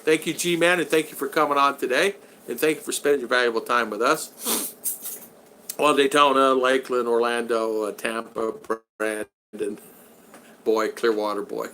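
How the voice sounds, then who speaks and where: A man's voice: mid-range voice, fairly even intonation, moderate pace, sharp tone, slight background noise. Chatty man hosting a live stream. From Florida. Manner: chatty, laughs often, repeats thanks. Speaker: live stream host reading super chats. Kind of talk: casual live stream chat.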